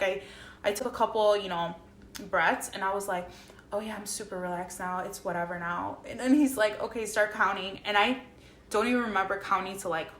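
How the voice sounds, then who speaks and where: A woman's voice: medium pitch, echoey room. A young woman telling a story casually in a vlog, swearing freely and acting out the dialogue. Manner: animated, swears freely, acts out dialogue with many "like"s. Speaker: vlogger.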